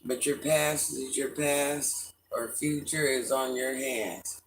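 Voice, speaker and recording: A middle-aged man chatting casually on a livestream, greeting viewers by name and answering their comments in an animated way. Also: mid-range voice, slow pace, slight background noise. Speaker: livestream host.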